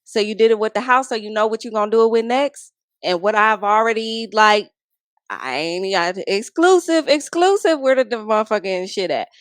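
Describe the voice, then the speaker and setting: A woman's voice: mid-range voice, a little fast, dry recording. Young adult woman, casual chat, emphatic, swears a lot, dry recording. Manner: animated and emphatic, with frequent profanity. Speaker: podcast guest.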